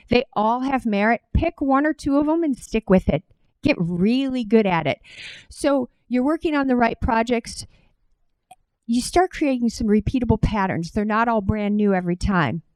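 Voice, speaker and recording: A middle-aged woman with a Cleveland accent speaks at a conference, telling a story in a lively way and turning often to the crowd. Her voice sits at an ordinary pitch for a woman and is recorded dry and close. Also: no room sound, rough recording. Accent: Cleveland, Ohio. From Cleveland, Ohio. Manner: animated storytelling, direct address to audience. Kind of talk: conference talk with personal story.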